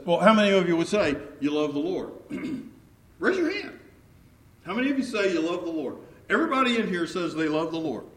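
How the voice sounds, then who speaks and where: A man preaching a sermon in an earnest, repeating style, asking the congregation questions and chuckling between phrases. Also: high-pitched.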